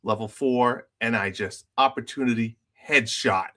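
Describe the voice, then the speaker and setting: Bright-voiced man telling gaming stories. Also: mid-range voice, a little slow. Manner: animated storyteller, acts out other players' lines. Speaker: podcast co-host. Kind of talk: casual gaming chat.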